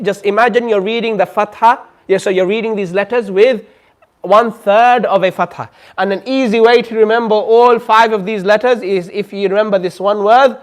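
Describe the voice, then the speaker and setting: A man teaching a Quran recitation class, patiently drawing out sounds slowly for students to repeat. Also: high-pitched. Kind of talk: classroom lesson. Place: community centre classroom.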